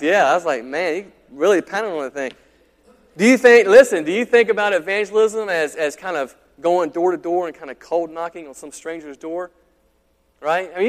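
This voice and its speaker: A man preaching a sermon as pastor, in a conversational, animated way with frequent restarts. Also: sits high. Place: church sanctuary. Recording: long hall reverb.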